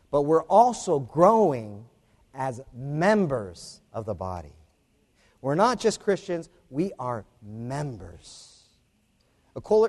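Male preacher, animated sermon, slightly high voice, lively, long hall reverb. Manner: animated, rising to emphatic peaks, with rhetorical "right?".

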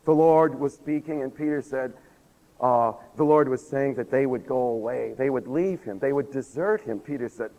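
A man's voice: mid-range voice, normal speed, dark tone. A man preaching a sermon, telling a story animatedly, acting out the quotes and asking the congregation questions, while losing his voice. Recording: long hall reverb.

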